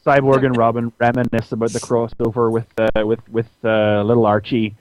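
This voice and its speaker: Talking a little fast, a podcast co-host who reviews comics chats casually as he recounts one, full of restarts and filler words. He gets animated and squeaks out voices for the characters, recorded in dull, dry lo-fi sound without echo.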